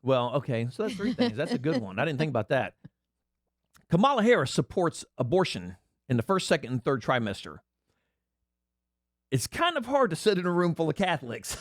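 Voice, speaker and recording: A man's voice: a little high, a little fast, pauses often, no echo, clean studio sound. A man hosting a casual political commentary chat, joking and drifting off topic. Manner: animated, jokey digressions. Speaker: host.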